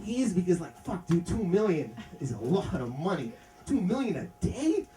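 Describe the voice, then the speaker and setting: A man doing a stand-up comedy set in a comedy club, ranting and excitable, swinging from mumbles to shouts. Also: high voice, normal speed, over music. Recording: distant mic in a loud laughing crowd. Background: audience laughter.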